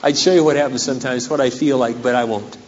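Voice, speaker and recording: Hoarse, dramatic preacher in an echoing hall. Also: male voice, mid-range voice, fairly even intonation, fast talker, a little hiss or hum. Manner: dramatic and humorous, acts out scenes. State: voice going hoarse. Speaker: pastor. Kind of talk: sermon. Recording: echoey hall on dull lo-fi recording.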